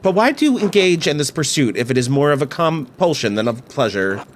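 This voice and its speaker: A man reading a pious priest who hears confessions, speaking gravely and admonishing the penitent. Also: on the high side, very animated, brisk, a little hiss or hum. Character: stern, pious male priest hearing confession. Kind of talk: reading game dialogue aloud.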